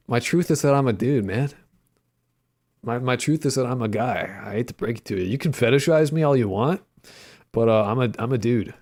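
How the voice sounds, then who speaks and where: A man's voice: medium pitch, moderate pace, darkish tone. A young adult man chatting casually with his livestream audience while coding, rambling with lots of fillers, joking and swearing. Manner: playful, jokey banter with chat. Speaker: streamer and indie game developer.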